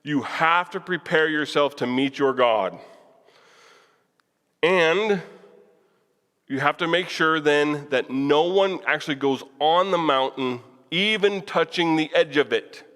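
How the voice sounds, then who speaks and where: A man's voice: on the high side, slow pace, a bit bright, clean tone. A man preaching in a casual, conversational way, asking the room questions and chuckling now and then. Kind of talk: Bible class teaching. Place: church hall. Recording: long church reverb.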